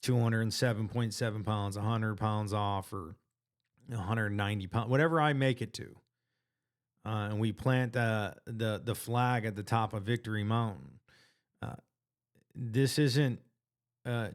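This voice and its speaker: A man talks straight to his viewers in a casual, earnest motivational monologue. His voice sits low and sounds smooth and clear. He restarts his sentences often and drops slang as he goes. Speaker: vlogger sharing weight-loss progress.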